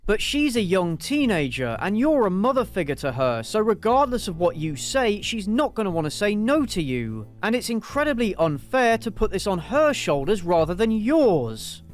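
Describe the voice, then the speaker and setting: A man's voice: high-pitched, big pitch swings, moderate pace, few pauses. A man who reviews films, commenting casually and exasperatedly over a clip and swearing freely as he rants. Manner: exasperated, swears freely, repeats himself while ranting. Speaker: film reviewer and host.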